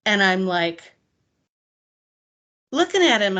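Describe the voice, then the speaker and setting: A woman guest tells her own story with energy and drama. She slips in and out of the voices of the people in it. Her voice sits at a middle pitch. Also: slow pace, long pauses. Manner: animated, acts out quoted dialogue. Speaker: interview guest. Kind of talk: personal storytelling.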